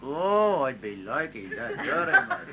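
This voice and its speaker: A man's voice: medium pitch, very animated, measured pace, a loud crowd. A man in an amateur stage comedy voicing a polite young woman who sweetly accepts every offer. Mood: demure.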